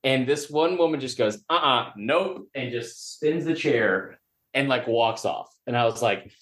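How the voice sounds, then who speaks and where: A man's voice: medium pitch, lively intonation, a little slow, fairly bright tone. Rambling man telling a wild story. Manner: rambling, self-mocking, profane. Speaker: podcast guest. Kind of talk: storytelling in casual chat.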